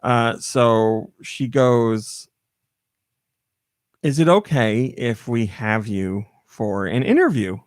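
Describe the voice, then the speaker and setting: A man's voice: medium pitch, animated, slow, no room sound, clean studio sound. An American man hosting a podcast, telling a story in casual chat, acting out the voices in it and laughing often. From United States. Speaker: podcast host.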